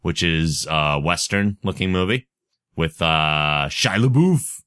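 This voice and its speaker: A man hosting a podcast in casual chat, talking in a relaxed, chatty way and reading out plugs and contact details. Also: sits low, slow pace, smooth. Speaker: podcast host.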